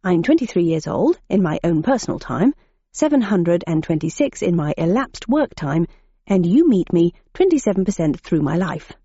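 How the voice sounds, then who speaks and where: A woman's voice: fairly low pitch, sing-song, normal speed, dark tone, slightly rough, no room sound. A woman playing a muddled young captain. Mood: earnest. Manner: earnest, confusing, tangled in his own words. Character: youthful muddled male recruitment captain. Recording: dull muffled audiobook recording.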